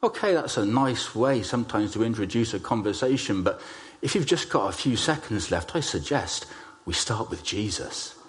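Guy preaching, kinda low voice, tells stories, leans on words slowly. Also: lively intonation. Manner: storytelling, emphatic with slow stressed phrases. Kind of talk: sermon.

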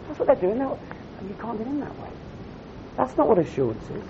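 A man's voice: big pitch swings, fast talker, long pauses. A man preaching a sermon at a camp, earnest and direct, often putting questions to his audience. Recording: dull lo-fi recording with faint rumble.

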